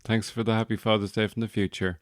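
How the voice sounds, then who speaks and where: Low-voiced man, dry joking host. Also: level tone, quick pace, no room sound. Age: young adult or middle-aged new father. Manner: dry, self-deprecating, joking. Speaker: podcast host. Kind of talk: casual monologue.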